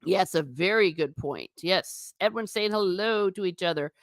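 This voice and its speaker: On a casual livestream, a woman reads comments from viewers and answers them, chatty and emphatic and repeating lines for effect. She speaks on the low side with lively intonation at a moderate pace. It's studio quality, with no echo.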